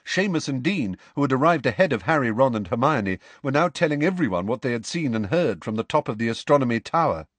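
Expressive male audiobook narrator. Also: medium pitch, fast talker, few pauses, no room sound. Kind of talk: scripted narration.

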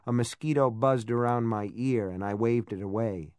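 Male audiobook narrator, mid-pitched, measured and steady, dry close studio sound. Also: smooth, dry recording. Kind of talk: scripted narration.

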